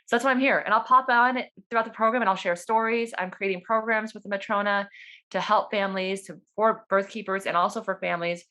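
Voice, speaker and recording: A woman, a doula and former nurse, telling her own story in a casual, animated and excited way over a video call. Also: mid-range voice. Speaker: doula and birth worker.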